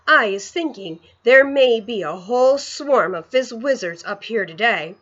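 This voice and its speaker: A woman's voice: a little high, expressive, a little slow, fairly bright tone, lo-fi sound. A woman reading a storybook aloud, voicing a big kindly male giant who talks in muddled, rustic grammar. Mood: hushed, sharp.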